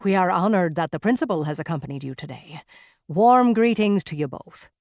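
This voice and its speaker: Woman playing a polite old guy w a twinkle, formal and warm-ish, storybook reading. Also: lowish voice, animated, fairly quick, no room sound, clean studio sound. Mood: courteous. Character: genial older man, silver-haired sect leader.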